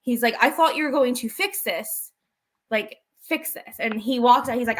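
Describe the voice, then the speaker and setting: Co-hosting a podcast, this woman has a voice on the high side and keeps a moderate pace. Her talk is a relaxed wrestling recap, delivered chattily as she performs the quotes she repeats.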